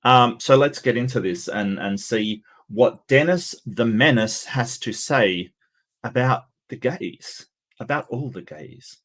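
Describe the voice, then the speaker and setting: A man hosting a livestream, giving casual sarcastic commentary with many halting restarts. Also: mid-range voice, fairly bright tone. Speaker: livestream host.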